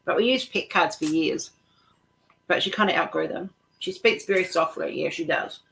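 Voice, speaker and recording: A woman's voice: fairly low pitch, moderate pace, creaky, a bit bright, slight background noise, poor audio. A woman hosting a casual chat while she works on a craft, talking in a rambling way with many restarts, nauseous. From New Zealand. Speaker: host of a craft chat stream.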